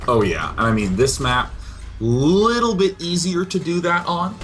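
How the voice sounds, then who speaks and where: A man's voice: fairly high pitch, expressive, fairly bright tone, faint music behind. A man co-casting a live esports match, eager and joking as he talks through the players and maps. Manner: eager, joking, quick to laugh. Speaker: esports co-caster. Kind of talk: live game commentary.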